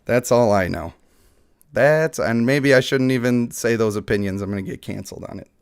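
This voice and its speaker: A man's voice: mid-range voice, normal speed, clean tone. A man hosting a mobile gaming channel, chatting casually, laughing often and joking at his own expense, with bits of dramatic reading.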